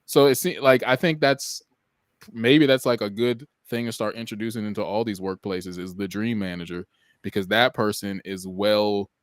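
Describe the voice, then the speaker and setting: A man's voice: fairly low pitch, steady tone, moderate pace, no room sound, studio quality. A man co-hosting a podcast in casual chat, speaking reflectively and thoughtfully with many "like"s. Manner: reflective, thoughtful, often says "like". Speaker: podcast co-host.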